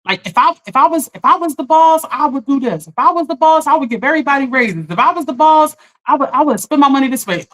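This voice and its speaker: A woman life coach in casual live-stream chat, animated, laughing often and talking straight to her viewers. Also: high-pitched, fast talker, low-quality recording.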